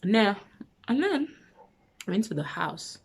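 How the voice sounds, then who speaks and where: A woman with a South African accent telling a personal story on her vlog, lively, with hushed asides. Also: mid-range voice, slow pace, vocal fry, slightly rough. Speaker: vlogger.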